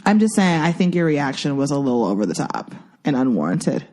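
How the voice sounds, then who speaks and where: A woman's voice: sits low, very animated, brisk, warm tone. A woman bickering with her husband on a podcast, defending herself with dry comebacks and frequent laughter. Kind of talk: casual argument with her husband.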